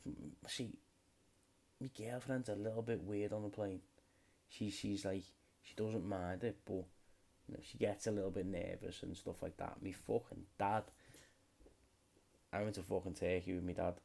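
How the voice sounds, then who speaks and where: Young british man, low gravelly voice, mellow dark tone, rambling, sweary, unscripted podcast chat. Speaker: podcast host. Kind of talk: unscripted solo comedy podcast.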